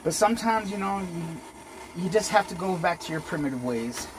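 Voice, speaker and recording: A man's voice: sits high, lively intonation, moderate pace, noisy background. A man casually talking viewers through his jewelry casting work in a home workshop, calling them "guys" and poking fun at himself. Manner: talks to viewers while working, self-deprecating, frequent "guys". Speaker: jewelry maker vlogger.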